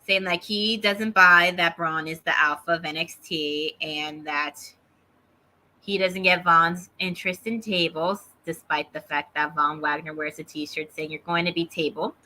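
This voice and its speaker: A woman co-hosting a wrestling review show, recapping matches in an animated, opinionated way. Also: low-pitched, unhurried. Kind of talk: casual recap and banter.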